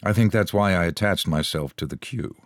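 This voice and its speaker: Deep-voiced, the narrator reads a scripted audiobook in a calm, measured storytelling manner. The studio-quality recording carries no room sound.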